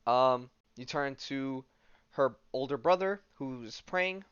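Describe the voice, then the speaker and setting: A man's voice: mid-range voice, slow pace, a bit bright, clean tone, no echo, muffled recording. A man hosting a podcast, casually recapping a comic book in a loose, rambling way with lots of fillers. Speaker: podcast host.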